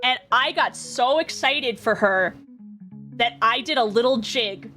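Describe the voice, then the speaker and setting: A young woman streamer telling stories in a casual, excitable way, laughing often and acting out what people said. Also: fairly high pitch, measured pace, faint music behind. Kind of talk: casual storytelling.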